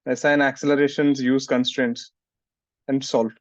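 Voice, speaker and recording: A man's voice: mid-range voice, level tone, a little slow, no echo. Man, physics teacher, classroom lecture, muffled, dry. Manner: scolds students, asks "getting it?" often.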